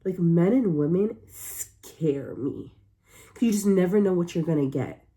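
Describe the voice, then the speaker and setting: A woman's voice: lowish voice, animated, unhurried, warm tone. A woman hosting a reaction video, talking casually to viewers in an exclamatory, incredulous way.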